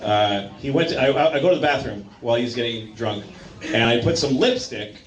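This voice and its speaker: Deadpan stand-up comedian, lively pitch. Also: male voice, slight background noise. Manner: halting, deadpan delivery of crude bits, full of fillers. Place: comedy club stage. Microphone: handheld stage mic. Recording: roomy club, loud laughing crowd. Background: laughing audience.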